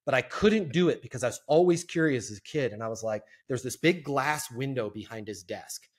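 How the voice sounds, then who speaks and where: A man who is a podcast guest, telling a sales story in an animated way and acting out the quotes. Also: medium pitch, a little fast, husky. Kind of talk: storytelling interview.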